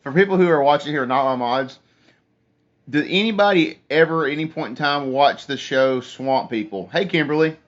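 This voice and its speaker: A man's voice: on the high side, normal speed. Man rambling on a phone stream. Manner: rambling storyteller, reads chat aloud. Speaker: livestream host. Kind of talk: casual live chat with viewers. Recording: dull lo-fi phone stream audio.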